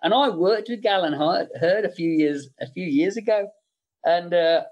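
Middle aged guy rambling through stories, kinda high voice, lots of um and you know. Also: moderate pace, a little mellow, highs cut off. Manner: rambling, anecdotal, many fillers. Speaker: makeup effects artist, guest. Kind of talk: casual interview chat.

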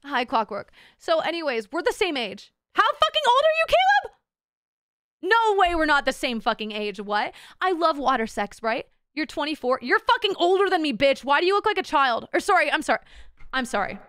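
A young woman with a high, bright voice, chatting casually to her stream. She rambles, swears freely and gets loud and giddy. Her voice sounds close and dry, with little room around it. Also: expressive, a little fast, no echo. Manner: loud, rambling, swears a lot, laughs and shouts. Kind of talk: casual chat.

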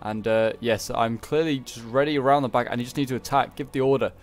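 A man's voice: medium pitch, fairly even intonation, fast talker, soft background music. Chatty man commenting on gameplay. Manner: chatty, self-correcting, rambling asides. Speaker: gaming video creator.

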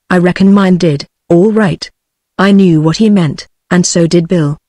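A computer-generated woman's voice with a British accent, reading an adventure novel aloud in an even synthetic manner. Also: fairly low pitch, unhurried, no room sound. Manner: even synthetic reading, same voice for every character. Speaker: narrator. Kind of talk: text-to-speech audiobook reading.

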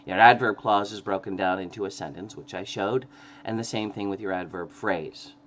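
Lower-voiced man giving a grammar lecture. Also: normal speed, a bit bright. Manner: explains step by step with frequent "okay?" checks and self-corrections. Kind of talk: recorded classroom lecture.

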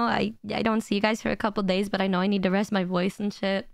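A woman's voice: mid-range voice, little pitch movement, quick pace, gravelly, few pauses, no room sound. A woman streamer in casual chat with her viewers, rambling and playfully crude, often stammering and repeating words.

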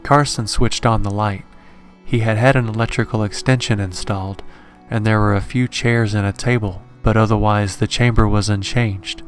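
Male horror narrator, low-pitched and steady, over quiet background music. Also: normal speed. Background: faint horror background music.

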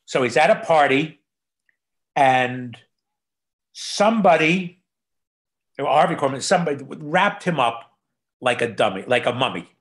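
Casting: male guest, lively storyteller, mid-pitch voice, video call. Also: measured pace, long pauses. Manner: animated storyteller, drops to soft asides. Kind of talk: casual anecdote telling.

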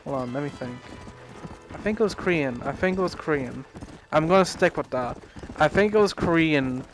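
A man's voice: a little high, animated, normal speed, faint music behind, rough recording. A young man rambling through a casual story over gameplay, swearing a lot and laughing at his own rant. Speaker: gaming commentator.

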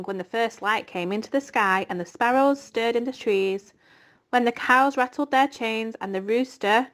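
A woman teacher reading a children's chapter book aloud to her class. She reads slowly and clearly, giving each sentence room, with a voice a little higher than most. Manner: slow and clear.

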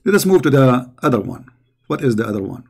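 A man's voice: mid-range voice, sing-song, fast, gravelly, darkish tone, slightly rough. A man hosting a reaction commentary, talking back to a played video in a mocking, sarcastic way. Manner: sarcastic, mocking, repeats words heatedly.

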